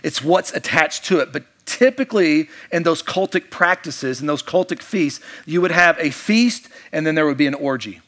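A man's voice: a little high, sharp tone. A man preaching a sermon, telling the story in a casual, joking way and acting out the characters' lines. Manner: storytelling, jokey, acts out quoted voices. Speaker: pastor.

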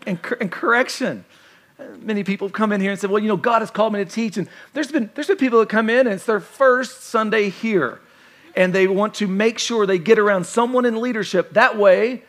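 A male pastor delivers a sermon in a lively, conversational way, with playful asides to his listeners. His voice sits a little higher than most men's.

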